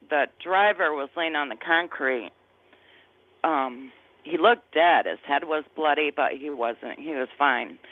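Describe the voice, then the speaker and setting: A woman's voice: deep voice, dry recording. Earnest woman in her fifties on a tinny line. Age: 50s. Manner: earnest, emotional, searching for words. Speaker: guest sharing a testimony. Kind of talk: personal testimony in conversation. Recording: tinny phone-like line, dry.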